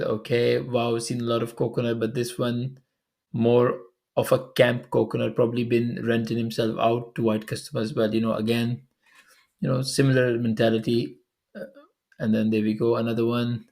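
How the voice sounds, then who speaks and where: A young man from Pakistan, a video commentator reading viewer comments aloud with quick chatty asides and frequent laughs. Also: medium pitch, creaky, a little mellow. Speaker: online commentator.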